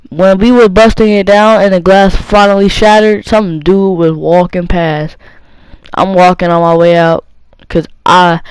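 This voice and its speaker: A young teenage boy with a high-sitting, smooth voice tells a rambling personal story in a casual storytime monologue, full of fillers and restarts. The recording is dry and low quality.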